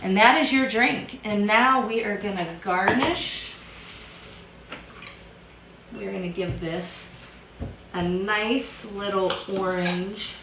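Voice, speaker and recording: A woman's voice: medium pitch, slow, long pauses, reverberant, background noise. A woman hosting a casual home cocktail how-to, chatty and upbeat as she talks straight to viewers from her home bar. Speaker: home bartender host.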